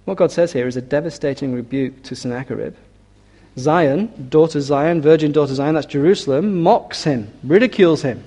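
A man preaching a sermon, reading scripture slowly and building to forceful, emphatic declarations. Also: on the high side. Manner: reads scripture aloud with slow weight.

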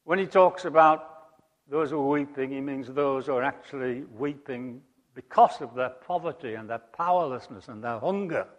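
A man preaching a sermon, emphatic, rising to loud high peaks and dropping to quiet asides. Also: moderate pace. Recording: long hall reverb.

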